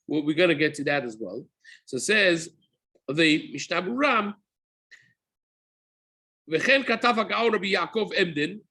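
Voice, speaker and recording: A man's voice: a little high, fairly bright tone, husky. A rabbi giving a daily halacha class, explaining step by step, often repeating and rephrasing himself and weaving Hebrew terms into his English. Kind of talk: spoken Torah class.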